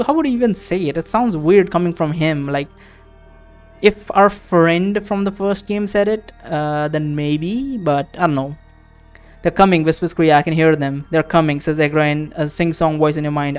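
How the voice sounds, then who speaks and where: A man's voice: fairly high pitch, a little mellow, clean tone. A man playing a text adventure, reading its passages aloud and chatting casually between them, swearing offhandedly as he thinks aloud. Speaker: game streamer. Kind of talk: let's-play commentary, reading game text aloud.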